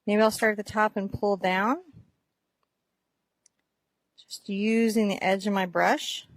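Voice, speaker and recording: A woman teaching a painting lesson step by step, gentle and encouraging as she talks through each brushstroke while she paints. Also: mid-range voice, fairly even intonation, slow, dry recording. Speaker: art teacher.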